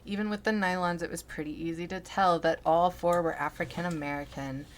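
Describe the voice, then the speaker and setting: A woman reading a story aloud in a deliberate, dramatic way, now and then muttering asides. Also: on the low side, fairly even intonation, a little hiss or hum. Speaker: story reader.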